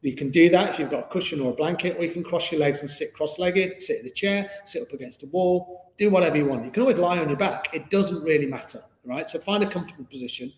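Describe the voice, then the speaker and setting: A man's voice: fairly high pitch, quick pace, hardly any pauses. A man teaching a live online yoga class in an easygoing, chatty way with many fillers. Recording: echoey room with long reverb.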